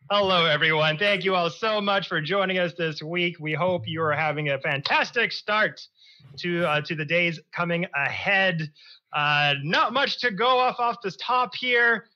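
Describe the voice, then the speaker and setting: A high-spirited man hosts a tabletop game stream as its game master. His voice sits high and sounds very bright and forceful. The audio is a little dull, with faint music behind him. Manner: energetic, joking, high-spirited.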